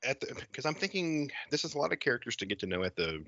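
A man brainstorming a horror story in casual chat, animated, laughing and swearing often. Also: medium pitch, fast, dry recording. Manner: animated, laughing, heavy cursing. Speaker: horror filmmaker. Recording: dull lo-fi sound.

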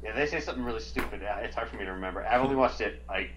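A man's voice: fairly low pitch, very fast, a bit bright, muffled recording. A man in casual conversation, hesitant and full of fillers, laughing often. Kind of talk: casual chat.

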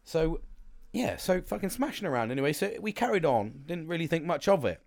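A man's voice: fairly high pitch, very animated, brisk, creaky, darkish tone, dry recording, studio quality. A British man hosting a podcast, rambling casually about his weekend with lots of swearing, restarts and fillers. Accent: British English. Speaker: podcast host.

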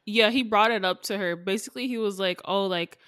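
A woman in a casual chat, calmly agreeing and filling in plot details. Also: medium pitch, quick pace, no room sound, studio quality. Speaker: podcast co-host. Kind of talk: casual drama recap chat.

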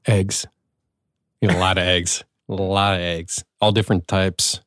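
A deadpan podcast guest chatting casually on a comedy podcast. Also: deep voice, unhurried, dry recording, clean studio sound.

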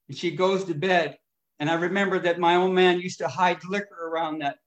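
A middle-aged man sharing his recovery story at a meeting, emotional, swinging between loud and hushed moments. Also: high voice, steady tone, fairly quick. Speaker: recovery speaker. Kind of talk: AA share storytelling.

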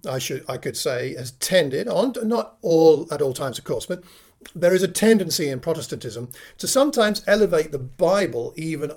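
A man preaching a sermon, teaching from scripture with measured emphasis and many rhetorical questions. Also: a little high, darkish tone, husky. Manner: measured, slows to stress key phrases, rhetorical questions.

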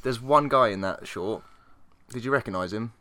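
A man's voice: mid-range voice, moderate pace, pushed and bright. A man co-hosting a casual chat podcast, jokey and sweary, often laughing. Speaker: podcast co-host.

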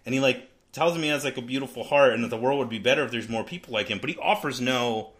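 A man's voice: mid-range voice, quick pace, a bit bright. Chatty man retelling a story. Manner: chatty, retells scenes with laughs and filler. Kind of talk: casual book discussion.

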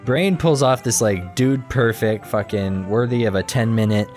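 A man in casual chat, retelling a cartoon episode in a rambling, animated way with quick quoted voices and laughter. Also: fairly low pitch, soft background music. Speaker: podcast co-host recapping a cartoon episode.

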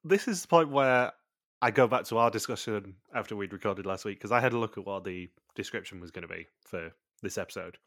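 A man's voice: fairly low pitch, brisk, a bit bright, no echo, studio quality. A man hosting a podcast, chatting casually and recapping the plot of a TV show in long runs. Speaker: podcast host.

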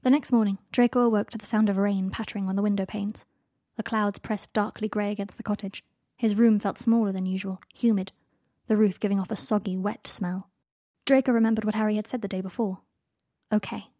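A woman's voice: medium pitch, fairly even intonation, a little fast, warm tone, no echo. Woman narrating a story on a dry mic. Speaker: audiobook narrator. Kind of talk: fan fiction audiobook reading.

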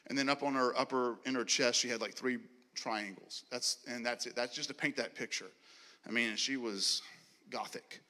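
A man preaches in a large church hall, acting out each line of his story with a bright, forceful voice. His words ring out with a long reverb trailing behind them. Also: mid-range voice, normal speed. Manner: animated, acts out dialogue, laughs and clears throat often. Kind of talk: sermon storytelling.

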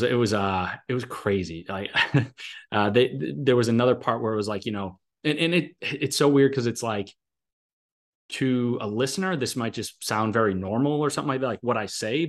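A man talking casually on a podcast, rambling with lots of fillers and restarts while he shares a personal experience. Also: fairly low pitch.

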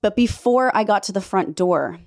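A woman's voice: animated, normal speed. A young adult woman telling an emotional personal testimony to her viewers, intense and dramatic, her voice jumping up sharply on emphatic words. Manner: intense, dramatic storytelling with sudden pitch leaps when emphatic. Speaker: faith vlogger telling a personal story.

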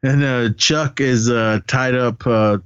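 A man's voice: medium pitch, steady tone, slow pace, clear, resonant tone, no room sound, highs cut off. A man co-hosting a podcast, casually retelling movie scenes, often laughing and swearing now and then. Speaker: podcast co-host. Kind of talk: casual movie recap chat.

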